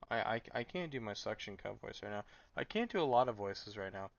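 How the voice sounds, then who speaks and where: A man's voice: on the low side, lively intonation, fairly quick, creaky, few pauses, no echo. A sleep-deprived man streaming late at night, chatting casually and rambling with stammered restarts. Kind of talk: casual live stream chat. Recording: dull lo-fi mic.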